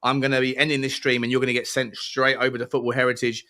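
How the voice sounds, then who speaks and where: Bright-voiced host. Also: male voice, medium pitch, fast. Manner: energetic, rambling with restarts. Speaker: livestream host. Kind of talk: casual livestream chat.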